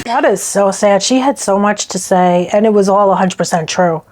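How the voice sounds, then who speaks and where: A woman's voice: mid-range voice, normal speed, darkish tone. A woman vlogger chatting to camera, indignant and talkative, often restarting her sentences. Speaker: beauty vlogger reacting to stories. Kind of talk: casual chat to camera.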